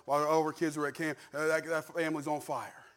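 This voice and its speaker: Fervent high-voiced male pastor preaching. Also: little pitch movement, quick pace. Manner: fervent preaching, swings from hushed to shouting. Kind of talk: sermon.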